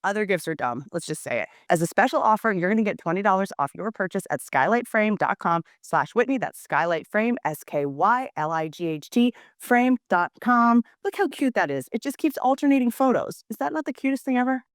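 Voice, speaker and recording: A woman's voice: medium pitch, animated, brisk, few pauses, no room sound, clean studio sound. A woman hosting a podcast, reading a sponsor ad in a breezy, jokey way. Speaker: podcast host. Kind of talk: ad read.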